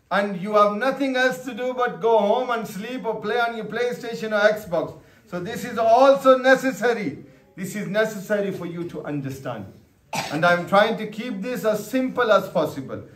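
High-voiced man preaching in an echoey hall. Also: fairly bright tone. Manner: asks the audience questions and calls on listeners by name. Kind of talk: sermon. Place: religious gathering hall.

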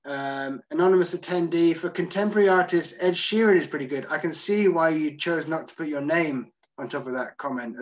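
A man's voice: medium pitch, lo-fi sound. A man hosting a virtual tour, chatting through audience comments one by one and owning up when he is unsure. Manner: chatty, self-deprecating, answers comments one by one. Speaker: tour guide. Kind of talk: live Q&A reading audience comments.

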